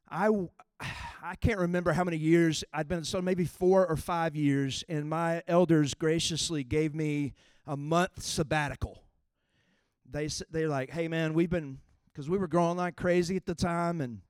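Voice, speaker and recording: A man's voice: a little high, a little mellow, dry recording, clean studio sound. A middle-aged man preaching a sermon in a conversational, folksy way, reading scripture with emphatic punch. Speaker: pastor.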